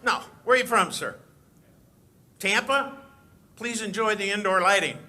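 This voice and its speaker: A man's voice: high voice, measured pace, bright, forceful tone. A man doing stand-up insult comedy on a live stage, needling the crowd with brash jabs.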